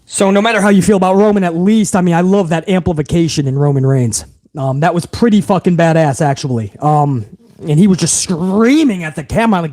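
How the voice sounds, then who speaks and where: A man's voice: on the high side, brisk, mellow, no room sound. A man hosting a wrestling podcast, recapping the show in a heated, profane rant full of incredulous repeats. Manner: heated, swearing, incredulous, talks over himself with repeats.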